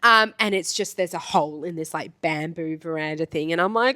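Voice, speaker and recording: Podcast co-host, woman, lively storyteller who jumps into voices; dry close sound. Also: mid-range voice, a little fast, hardly any pauses, no echo. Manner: animated, acts out voices in her stories. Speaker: podcast co-host, trip manager. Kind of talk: casual storytelling chat.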